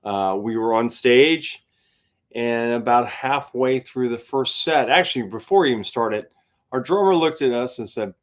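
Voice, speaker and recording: A man's voice: mid-range voice, a little slow. Rambling, easygoing male guitarist host. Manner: rambling storyteller with many fillers and laughs. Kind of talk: casual chat to a live stream audience.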